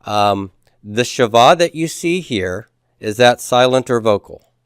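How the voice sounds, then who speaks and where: A man's voice: medium pitch, lively intonation, measured pace, smooth, dry recording, studio quality. A man reviewing homework as a teacher, patiently asking questions, answering them himself, and drawing out key words. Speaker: Hebrew teacher.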